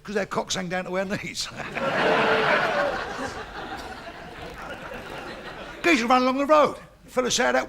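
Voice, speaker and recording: Boisterous Cockney comedian with gravelly voice. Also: male voice, very high-pitched, lively intonation, slow, long pauses, crowd noise, background noise. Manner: crude, boisterous, laughs at his own jokes. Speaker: stand-up comedian. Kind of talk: bawdy stand-up joke telling.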